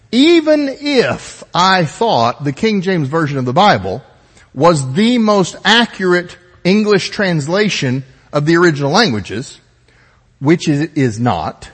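A man preaching a teaching sermon with a high, husky voice that swoops up and down as he explains. His delivery is methodical, with easygoing asides. The sound carries a long reverb from a large church hall. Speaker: pastor.

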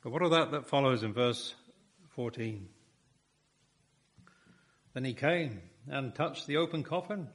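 A man's voice: medium pitch, measured pace, long pauses, a bit bright. A man preaching a sermon, building his points with rhetorical questions and emphatic repetition.

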